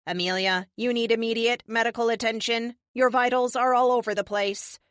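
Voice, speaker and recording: Woman doing a brisk ai helper, matter-of-fact, dry close audio. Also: a little high, steady tone, clean tone, no echo, voice pushed up, lightly acted. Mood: urgent. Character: calm AI assistant in armor.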